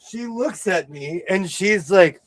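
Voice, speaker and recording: A man hosting a casual sewing show chat, telling jokey stories in an animated way. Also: high voice, dry recording. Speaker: host.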